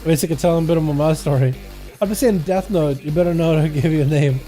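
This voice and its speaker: Speaking fast in a mellow, fairly high voice, this young man, Russian by first language, chats loosely with viewers during a game stream. His talk is rambling and full of slang, and faint music can be heard underneath.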